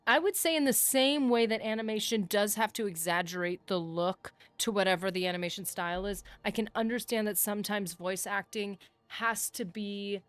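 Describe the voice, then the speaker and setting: Excitable woman gaming streamer, chatty and fired up, mid-pitched voice, dry close mic. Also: no echo. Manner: animated, excitable, chatty with chat. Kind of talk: casual livestream chat.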